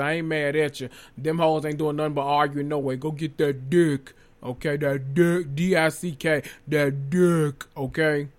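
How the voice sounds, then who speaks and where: Sassy, animated man recapping a reality show. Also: on the high side. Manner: sassy, animated, cusses freely, swings from murmurs to loud exclamations. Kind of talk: casual recap monologue.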